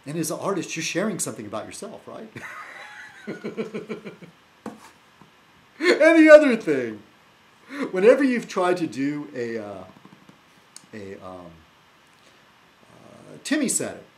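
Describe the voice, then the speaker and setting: A man talking casually to camera as a video blogger, rambling and teasing, halting often with fillers and restarts and chuckling to himself. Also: on the high side, sing-song, a little hiss or hum, rough recording. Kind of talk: rambling casual vlog chat.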